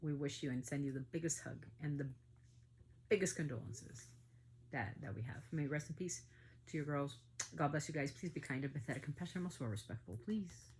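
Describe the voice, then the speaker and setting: Speaking fairly quickly in a low voice, a middle-aged woman offers emotional commentary as host of a family podcast, with a bit of hiss or hum on the recording. Her delivery is angry and emphatic, punctuated by loud outbursts.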